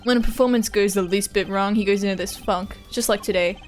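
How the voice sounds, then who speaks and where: A woman's voice: medium pitch, fairly even intonation, fairly quick, slight background noise, natural voice. Woman doing a smug German rock-star prosecutor. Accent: put-on German. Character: suave rock-star male prosecutor, cocky. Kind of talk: reading game dialogue aloud on stream.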